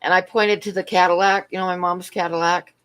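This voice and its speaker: A middle-aged woman with a fairly low voice chats casually on a livestream. She wanders through a long personal story and stops to greet viewers and answer their questions. Her talk is loose and full of asides. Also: level tone, a little fast, fairly bright tone, clean tone. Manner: rambling storytelling, answers chat between stories. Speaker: livestream host.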